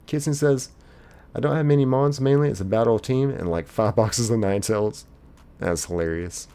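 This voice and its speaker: A man's voice: mid-range voice, normal speed, mellow, smooth. A man streaming live, casually reading viewers' chat messages aloud in a chipper lilt and chatting back.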